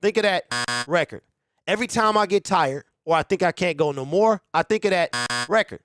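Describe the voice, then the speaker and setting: A man's voice: high voice, a little fast, a bit bright, no echo, studio quality. A man doing a fired-up football player's pep talk. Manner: emotional, urgent exhortation.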